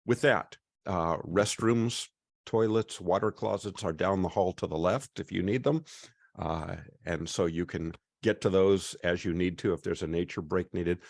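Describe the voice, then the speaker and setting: A man's voice: low-pitched, no room sound, clean studio sound. A man hosting an online class over a video call, chatty and welcoming. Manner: chatty, welcoming, often pauses with "uh".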